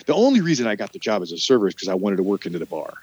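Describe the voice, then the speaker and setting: A man's voice: lowish voice, sing-song, racing, a little mellow, slightly rough, dry recording. Candid rambling man, dull dry sound. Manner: rambling, candid, swears casually. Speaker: former restaurant manager. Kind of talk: casual conversation.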